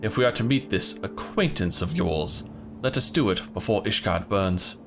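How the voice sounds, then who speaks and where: A man's voice: on the low side, lively intonation, normal speed. Man doing a surly dragoon, clipped, scornful, game music behind. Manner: curt, scornful. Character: surly, curt male dragoon warrior.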